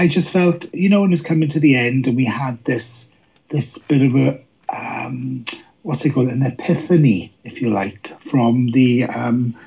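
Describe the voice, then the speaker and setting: A man's voice: medium pitch, warm tone, husky. A man co-hosting a podcast, chatting in a rambling, hesitant way with many restarts, recorded with dull lo-fi sound. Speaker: podcast co-host. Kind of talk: casual review chat.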